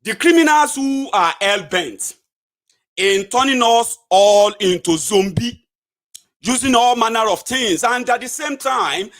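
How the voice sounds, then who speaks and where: A man's voice: very high voice, animated, unhurried, a bit bright. A Nigerian man giving a combative, sarcastic political rant, scolding his viewers directly. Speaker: political commentator. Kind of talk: angry solo political rant.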